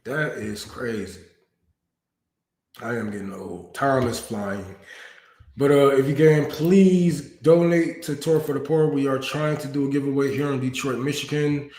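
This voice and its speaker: A man in his thirties hosting a casual livestream, talking loosely and with lots of profanity, sometimes mellow and sometimes heated. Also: medium pitch, steady tone, unhurried. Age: 30s. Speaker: livestream host. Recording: roomy echo.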